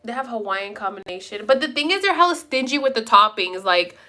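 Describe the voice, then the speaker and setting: A young woman talks casually to her live viewers from home. Her voice is bright and sits a little high. She rambles from one thought to the next and swears offhandedly. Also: lively intonation, brisk. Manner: rambling, chatty, casually profane. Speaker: live streamer chatting with viewers. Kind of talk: casual chat.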